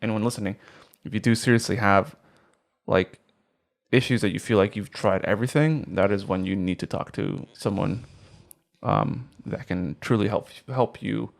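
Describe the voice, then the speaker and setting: Young man, podcast co-host, fairly low voice, earnest, restarts his sentences a lot. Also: moderate pace, gravelly. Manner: earnest, rambling, many restarts. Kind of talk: casual podcast chat.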